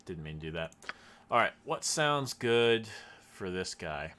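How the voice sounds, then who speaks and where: A man's voice: deep voice, big pitch swings, measured pace, bright, forceful tone. Wry man commenting on gameplay. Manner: joking, wry asides. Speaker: let's play streamer.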